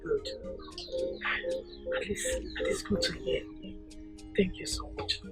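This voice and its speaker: A woman playing a slow, pleading village mother. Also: over music, close to an everyday voice. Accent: Nigerian.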